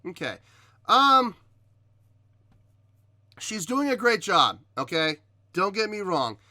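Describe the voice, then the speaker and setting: Hesitant, analytical man with a bright voice. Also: high-pitched, big pitch swings, dry recording, clean studio sound. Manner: hesitant, many ums and restarts; measured, analytical critique. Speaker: reaction video host reviewing a singer. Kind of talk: casual spoken commentary.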